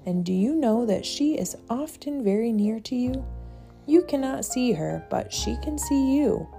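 Kind motherly lady in a storybook palace, soft soothing voice, a bit gravelly, as a woman reads her. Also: a little high, lively intonation, measured pace, faint music behind, pitched above the performer's own voice. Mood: gentle.

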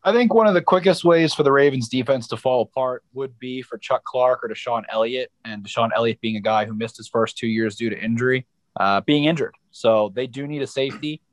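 A man's voice: medium pitch, fairly quick, no room sound. A man talking casually as a guest sports podcaster, rambling and emphatic, with lots of fillers. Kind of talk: casual sports analysis chat.

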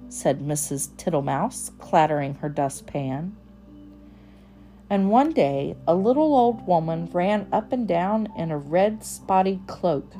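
Slow, mellow woman reading a storybook. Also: fairly low pitch, sing-song, soft background music. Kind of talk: storybook read-aloud narration.

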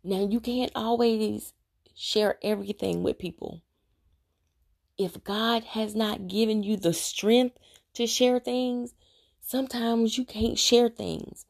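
A woman's voice: a little high, steady tone, takes it slowly, vocal fry. A woman speaking earnestly and preachily, straight to her viewers in a confessional devotional talk about her faith. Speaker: Christian vlogger sharing her faith journey.

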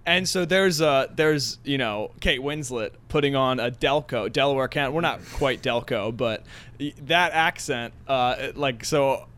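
A man's voice: medium pitch, a little slow, a bit bright. A man with a Philadelphia-area accent, co-hosting a podcast in loose, rambling casual chat. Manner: laughs easily, loose and rambling. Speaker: podcast co-host.

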